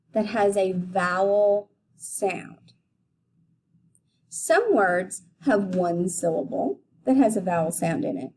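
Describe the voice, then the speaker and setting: A woman teaching a phonics lesson to young children, deliberately sounding out letters and syllables. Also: medium pitch, vocal fry, dark tone, a little hiss or hum. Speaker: elementary school teacher.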